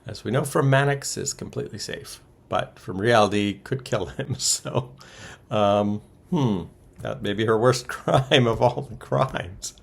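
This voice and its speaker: A man's voice: on the low side, a little slow, gravelly, husky. A man co-hosting a podcast, casually recapping soap opera episodes with wry asides and chuckles. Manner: wry, chuckles through summaries, many ums and uhs.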